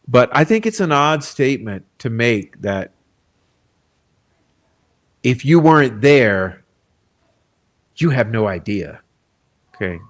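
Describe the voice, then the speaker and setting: Male true crime commentator, mid pitch, combative and blunt. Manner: blunt, combative, frequent "okay?" asides. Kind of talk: casual commentary reading quotes.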